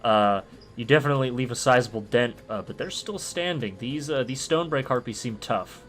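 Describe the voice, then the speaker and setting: Bright-voiced man running a tabletop game. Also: mid-range voice, a little fast. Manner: easygoing, many "uh" fillers, vivid combat narration. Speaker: dungeon master. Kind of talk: narrating a tabletop game online.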